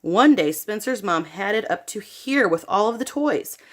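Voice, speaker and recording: A woman who teaches art reads a children's picture book aloud in an animated storytelling manner and talks directly to her young students. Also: mid-range voice, normal speed.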